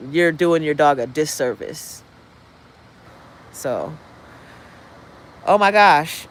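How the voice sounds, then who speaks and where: A woman's voice: fairly low pitch, rough recording. Blunt, profane woman ranting on a livestream. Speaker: livestream host. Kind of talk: casual livestream rant. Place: indoors, apartment building.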